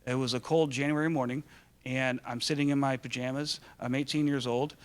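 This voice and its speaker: A man in his thirties from Michigan, a guest speaker telling stories to a live audience in an animated, joking way. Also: medium pitch, brisk. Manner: animated and joking, acting out dialogue. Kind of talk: storytelling talk to a live audience.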